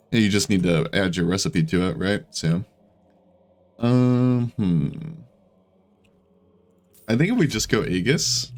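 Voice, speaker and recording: A man giving casual gameplay commentary, chatty and self-deprecating as he thinks aloud about his moves. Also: on the low side. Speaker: gaming YouTuber.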